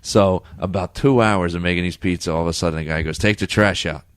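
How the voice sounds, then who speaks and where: A man with a very low voice tells blunt, self-mocking stories in casual conversation. The sound is dry and close, with no room around it. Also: steady tone, fast talker, clear, resonant tone, dry recording. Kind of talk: casual storytelling chat.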